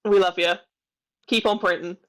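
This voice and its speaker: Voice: mid-range voice, steady tone, normal speed, a bit bright, low-quality recording. A podcast co-host chatting casually and teasing the other host playfully. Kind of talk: casual chat.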